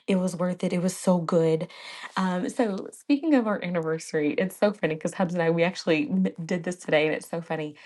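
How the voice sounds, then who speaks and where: A woman's voice: lowish voice, a little mellow. A woman in her thirties hosting a podcast in a casual, chatty way, often laughing and calling her listeners "y'all". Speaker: podcast host. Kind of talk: casual chat.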